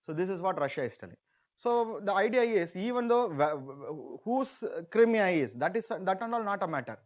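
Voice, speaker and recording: A man's voice: sits high, expressive, normal speed. A man teaching an exam-prep class, explaining in a repetitive, conversational way and often voicing a country in the first person.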